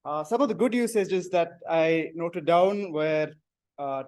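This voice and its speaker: A man's voice: on the high side, unhurried, a little mellow. A man giving the grammarian report at a club meeting, reading out phrases he noted, with a few hesitant fillers. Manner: reads out quoted phrases, some hesitant fillers.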